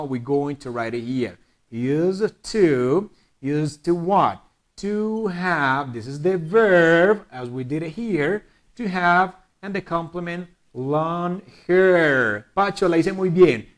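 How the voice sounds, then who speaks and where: Lively bilingual English teacher, man. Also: fairly high pitch. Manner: lively teacher, slows to spell out examples. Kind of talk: bilingual grammar lesson.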